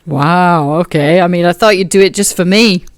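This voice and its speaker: A woman voicing a brash, macho, very strong woman who talks loud and boisterous. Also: fairly low pitch, normal speed, close to an everyday voice. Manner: loud, boisterous, back-slapping.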